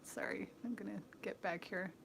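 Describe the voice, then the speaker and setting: A woman's voice: medium pitch, normal speed, gravelly, fairly bright tone, slight background noise. A woman hosting a live stream, talking in a casual, opinionated way and answering viewers' comments aloud. She is earnest and chatty and often drops to a near-whisper.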